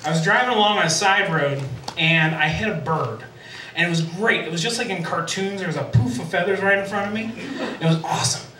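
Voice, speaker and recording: A man's voice: sits high, fairly quick, pushed and bright, slight background noise. A man doing a self-deprecating stand-up comedy set as emcee on a sports bar stage, laughing at his own jokes. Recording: echoey bar from a distance.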